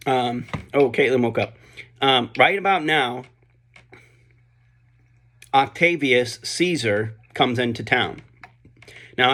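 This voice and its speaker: A man's voice: medium pitch, fairly bright tone. A man retelling a play's plot in a casual spoken summary, chatty, with frequent fillers and asides.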